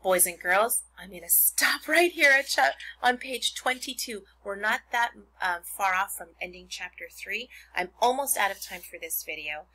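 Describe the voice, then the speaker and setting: A woman teacher reading a children's novel aloud to her pupils, expressive and stopping to explain words. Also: mid-range voice, low-quality recording.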